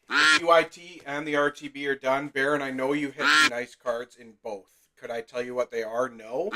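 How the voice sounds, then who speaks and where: A man's voice: medium pitch, normal speed, sharp tone, slight background noise. A man hosting a live trading card break, chatting casually with viewers by name and talking while eating. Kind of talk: casual livestream chat.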